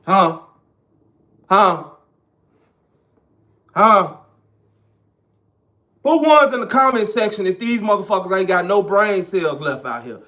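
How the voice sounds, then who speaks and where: A man's voice: sits high, lively intonation, brisk, hardly any pauses, fairly bright tone. A man ranting in casual, profane, emphatic commentary straight to his viewers. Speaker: online commentator.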